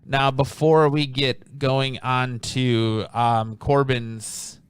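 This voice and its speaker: Smooth-voiced man rambling through comic reviews. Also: medium pitch, level tone, drawn-out words, dry recording. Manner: rambling, restarts often, many ums. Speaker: comic book reviewer, podcast host. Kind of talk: casual review chat.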